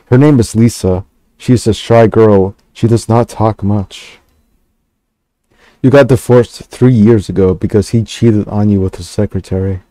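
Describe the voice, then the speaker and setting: A man reading a text game aloud and stopping for hesitant, halting asides with fillers and restarts. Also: on the low side, dark tone, no echo. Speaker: gaming channel host.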